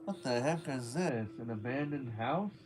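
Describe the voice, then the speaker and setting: A man doing live watch-along commentary, reacting excitably with slangy "dude" and "bro" asides and casual swearing. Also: mid-range voice, moderate pace, background noise. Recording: dull lo-fi stream audio.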